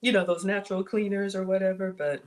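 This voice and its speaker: A woman's voice: medium pitch, fairly even intonation, fast, background noise. A woman hosting a casual cooking livestream, chatty and bubbly, laughing often as she reads viewer comments aloud. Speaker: home cook livestream host.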